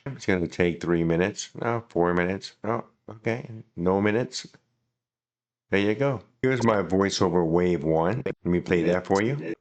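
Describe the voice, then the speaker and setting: Male tutorial host, very low pitch, casual click-along walkthrough delivery. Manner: casual, thinking aloud while clicking. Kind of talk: screen-recording software walkthrough.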